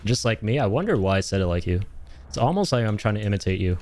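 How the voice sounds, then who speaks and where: A man streaming a video game live, chatting with his viewers, swearing and yelling at the game as he plays. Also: fairly low pitch, fast talker, noisy background. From Canada. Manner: excitable, swears and yells at the game. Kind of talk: casual live-stream gaming chat.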